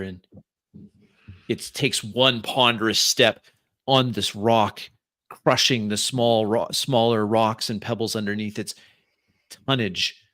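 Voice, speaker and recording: A man running a tabletop game, narrating at an unhurried, measured pace. His voice sits at a middle pitch and sounds dry and close to the mic. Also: fairly bright tone, no echo. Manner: slow, deliberate narration with restarts. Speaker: game master.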